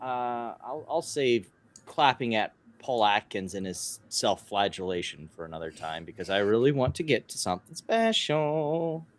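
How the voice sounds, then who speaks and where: A man's voice: medium pitch, animated, moderate pace. A man co-hosting a casual commentary show, sarcastic and exasperated, on a close mic. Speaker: co-host.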